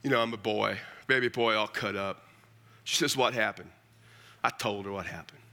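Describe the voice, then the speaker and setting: A middle-aged man preaches in a folksy, joking way, telling stories and calling his listeners "man". His voice is gravelly and carries a bright, forceful edge, and he tells his stories with plenty of humour. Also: on the low side, fairly quick. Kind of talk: storytelling sermon.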